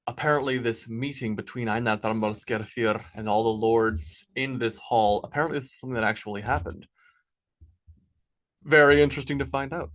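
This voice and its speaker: A man narrating his own novel as an audiobook, then chatting in a relaxed way about writing it. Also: medium pitch, fairly quick. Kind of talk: audiobook narration and casual afterword.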